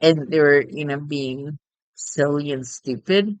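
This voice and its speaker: A woman's voice: low voice, fairly even intonation, measured pace, clean tone, dry recording, low-quality recording. A middle-aged woman chatting casually while playing a game, rambling and giggling often. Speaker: gameplay streamer.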